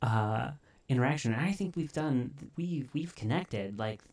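A woman with an unusually deep voice hosts a podcast over a remote call. She rambles a little and pokes fun at herself, keeping things loose and casual. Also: animated, a little slow, darkish tone, slightly rough. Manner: self-deprecating, rambling. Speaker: podcast host. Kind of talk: casual chat.

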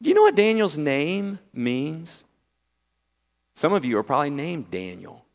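A man's voice: on the high side, wildly swooping pitch, gravelly. Southern-accented man preaching in a reverberant hall. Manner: preaching with emphatic pauses, swinging between loud and hushed. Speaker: pastor. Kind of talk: sermon.

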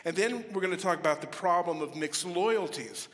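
A middle-aged pastor preaches with a fairly high, lively voice, telling funny stories and slipping into mock voices. His words ring out with a long echo in a church hall. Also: normal speed. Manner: humorous storytelling, animated with playful mock voices. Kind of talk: sermon. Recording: reverberant hall.

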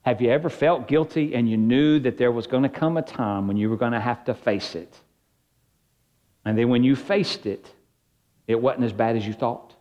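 A man's voice: mid-range voice, normal speed, warm tone, highs cut off. A man preaching a sermon as pastor, earnest and conversational, shifting his emphasis as he speaks.

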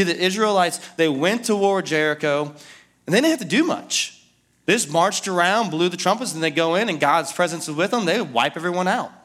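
A man's voice: fairly high pitch, a bit bright. A male pastor preaching a sermon in a casual, conversational way, with frequent fillers.

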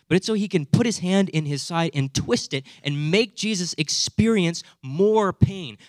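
A young man preaching a sermon in an animated, conversational way, often checking in with his listeners with quick asides. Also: fairly high pitch, dry recording, studio quality. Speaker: pastor.

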